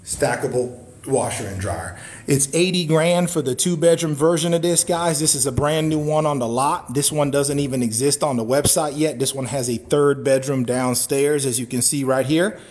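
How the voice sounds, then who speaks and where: A man hosting a live-streamed sales walkthrough of a wooden cabin, a hyped-up pitchman who repeats catchphrases and lets out loud whoops. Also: moderate pace, a little hiss or hum. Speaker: cabin salesman and livestream host. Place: indoors, walking through a wooden cabin.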